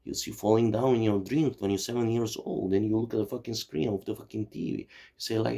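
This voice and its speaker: Man in his forties, from Czechoslovakia, gravelly, low-pitched, profane, rambling, keeps saying "you see". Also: brisk, hardly any pauses, mellow. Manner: swearing, digressive, heavy "you see" and "you know". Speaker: channel host.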